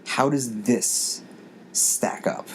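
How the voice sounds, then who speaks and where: A man's voice: mid-range voice, very slow. A man in his forties hosting a casual podcast, rambling with many restarts as he thinks aloud. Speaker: podcast host. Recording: faint background noise.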